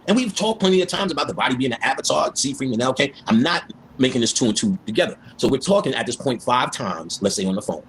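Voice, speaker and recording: A man's voice: mid-range voice, fast, a little hiss or hum. A man telling stories and talking about spiritual ideas in a casual way, acting out the voices of the people he quotes. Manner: animated, acts out voices in quotes. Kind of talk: casual storytelling and spiritual talk.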